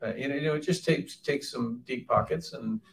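A man, the film's director, answering audience questions at a live Q&A with relaxed storytelling and halting restarts. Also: mid-range voice, far from the mic. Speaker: film director and writer.

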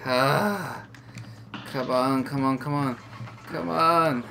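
A man giving excitable let's play commentary as a gaming YouTuber, muttering and groaning at the game. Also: medium pitch, slow pace, vocal fry, background noise. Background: game music.

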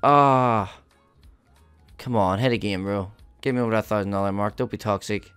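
Excitable swearing man streaming slots. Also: lowish voice, moderate pace, smooth, soft background music. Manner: excitable, swears a lot, talks to viewers as "boys". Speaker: gambling streamer. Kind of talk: live slot-play commentary.

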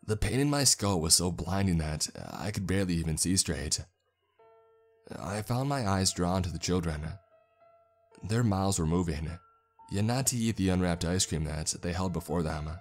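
A man narrating a first-person horror story in a measured, storytelling manner. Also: low-pitched, animated. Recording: faint background music.

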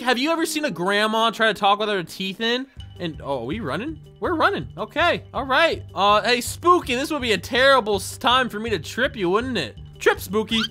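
Man, let's play commentary, sarcastic, excitable, bright voice, faint music behind. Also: very high-pitched, moderate pace. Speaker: gaming YouTuber.

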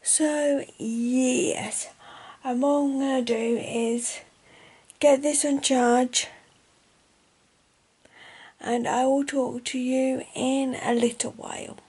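A woman's voice: high-pitched, level tone, slow, long pauses, mellow, husky, poor audio. A woman chatting casually to camera in a vlog from her bedroom, rambling and affectionate. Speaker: vlogger. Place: bedroom at home. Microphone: handheld camera.

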